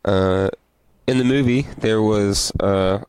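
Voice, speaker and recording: Male co-host, deep-ish, laid-back rambling podcast chat, dry sound. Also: slow pace, smooth, dry recording, poor audio. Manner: relaxed, rambling, reads beer labels aloud. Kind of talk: casual chat.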